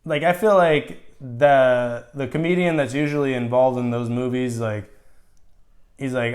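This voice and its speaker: A man's voice: medium pitch, fairly even intonation, unhurried, darkish tone. A man with a Californian accent co-hosting a podcast, rambling with many fillers and acting out imagined reactions. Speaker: podcast co-host. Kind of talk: casual chat.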